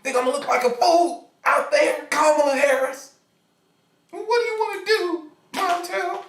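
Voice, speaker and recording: A man's voice: very high voice, moderate pace, fairly bright tone, echoey room, a little hiss or hum, voice pushed up. A man voicing a hot-tempered young male singer who talks in a frantic, whiny way and slides into crooning.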